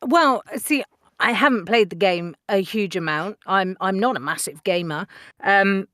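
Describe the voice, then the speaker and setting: Woman, 40s, voice actor guest; unhurried, clear tone, close dry sound. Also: mid-range voice, fairly bright tone, dry recording. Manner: chatty, laughs often, many ums. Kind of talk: interview conversation.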